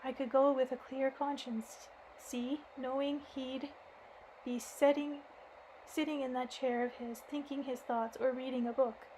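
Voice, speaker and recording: A woman's voice: sits high, little pitch movement, mellow, a little hiss or hum, rough recording. A woman reading as Galina, fretful village housekeeper. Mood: worried, folksy. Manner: folksy rustic talk, hurried and worried.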